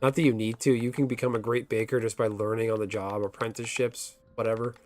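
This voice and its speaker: A man's voice: lowish voice, flat delivery, fast talker, darkish tone, soft background music. A man streaming a video game, chatting casually and telling a long story, swearing when the game crashes. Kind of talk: casual chat while gaming.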